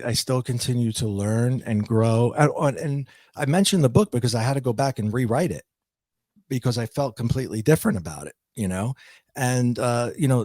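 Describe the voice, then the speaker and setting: A middle-aged man, a podcast guest, telling a personal story in a reflective, halting way with frequent restarts. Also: medium pitch, no echo.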